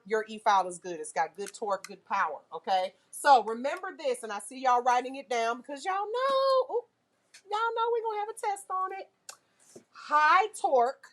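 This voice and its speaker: A woman teaching a nail class, lively and full of questions to her students. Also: high-pitched. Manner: lively, asks the class questions, uses car comparisons. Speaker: nail instructor. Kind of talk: classroom lecture.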